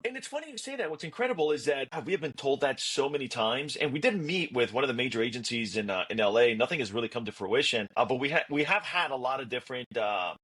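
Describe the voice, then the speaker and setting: An American man being interviewed as a guest, telling stories in a relaxed way with many pauses and restarts, with a husky voice. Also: mid-range voice. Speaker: podcast guest, speaker and game show host. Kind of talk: casual interview talk.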